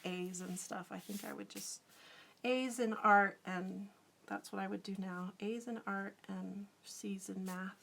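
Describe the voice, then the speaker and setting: A woman's voice: mid-range voice, fairly even intonation, measured pace, vocal fry, fairly bright tone, a little hiss or hum. A middle-aged woman artist chatting casually on a live stream, giggling often and answering viewer comments as she draws. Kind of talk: casual live-stream chat while drawing.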